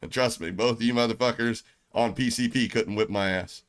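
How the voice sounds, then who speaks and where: A man's voice: fairly low pitch, brisk. Middle-aged Southern American man, blunt and profane, streamer ranting to his chat. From United States. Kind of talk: casual livestream rant.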